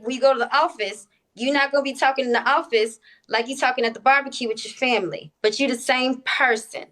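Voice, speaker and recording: A woman with a slightly high voice lays out her points into a phone during a livestream debate. She speaks in a measured, deliberate way, pausing on filler words. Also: a bit bright. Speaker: TikTok live guest. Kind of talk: casual live-stream debate.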